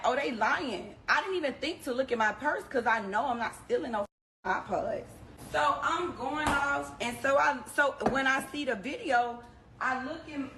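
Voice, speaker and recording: Woman, slightly high voice, casual animated storyteller, slangy and direct, noisy recording. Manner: animated, slangy, talks straight to the audience. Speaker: reality show personality telling a story. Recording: background noise under the voice.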